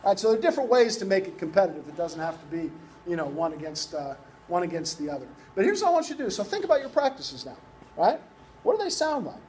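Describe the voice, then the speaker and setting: A high, darkish voice comes through over slight background noise as this youth baseball coaching instructor gives his workshop talk. He speaks conversationally, repeatedly asking "right?"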